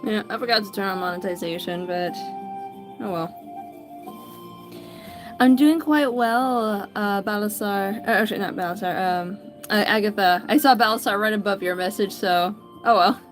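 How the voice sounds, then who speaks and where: A woman with a mid-range voice and moderate pace chats casually while drawing on a livestream, faint music playing behind her. She greets viewers by name as a livestreaming artist and often stumbles and corrects herself.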